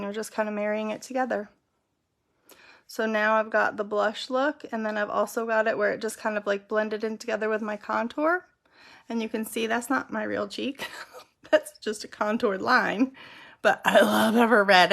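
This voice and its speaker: Chatty woman with a gravelly voice. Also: medium pitch, fairly bright tone. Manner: chatty, explains step by step while applying makeup. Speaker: makeup tutorial host. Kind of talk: casual how-to demonstration.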